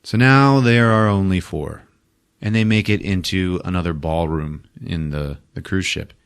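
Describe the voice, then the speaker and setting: A man hosting a podcast, retelling a movie in a profane, animated way. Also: sits low, measured pace, clean tone. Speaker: podcast host. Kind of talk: casual movie recap. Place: podcast studio.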